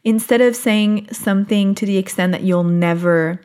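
In a mid-range voice, a woman addresses her viewers with kind, supportive self-help advice, laughing often and easing her pace on the key ideas.

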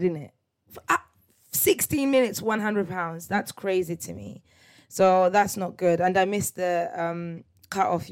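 A young woman, chatting casually as the host of her own solo podcast. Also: lowish voice. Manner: chatty, laughing, tag questions like "you get me?". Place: parents' house.

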